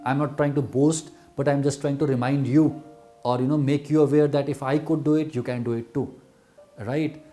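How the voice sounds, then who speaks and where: A man's voice: medium pitch, fairly even intonation, moderate pace, mellow, soft background music. A middle-aged man with an Indian English accent giving an earnest motivational talk to exam students, repeating words for emphasis. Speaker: medical exam coach.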